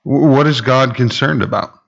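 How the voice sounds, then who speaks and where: A man preaching a conversational sermon, full of fillers and asides, rising in pitch when he stresses a point. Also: moderate pace, creaky, a bit bright, dull audio. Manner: casual and rambling, heavy fillers, rises in pitch for emphasis. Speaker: pastor.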